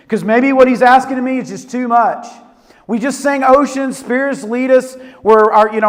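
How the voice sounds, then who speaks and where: High-voiced preacher in a hall. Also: male voice. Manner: animated storytelling with Southern "y'all". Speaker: youth pastor. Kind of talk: sermon. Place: church auditorium. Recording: reverberant hall.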